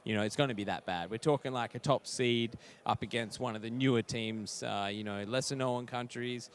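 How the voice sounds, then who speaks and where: A man's voice: medium pitch, brisk. A man breaking down an esports match as co-commentator, easygoing and conversational. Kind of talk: casual analysis commentary.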